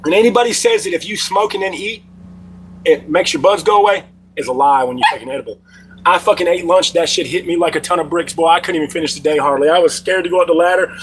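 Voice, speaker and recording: Livestream host: middle-aged man, slightly high voice, loose profane storyteller, faint hum behind. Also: rough recording. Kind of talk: casual livestream chat.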